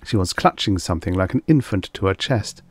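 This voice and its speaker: A man's voice: low-pitched, animated, a little fast, husky, no echo. A man reading vintage science fiction aloud as an audiobook narrator, telling the story expressively. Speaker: audiobook reader.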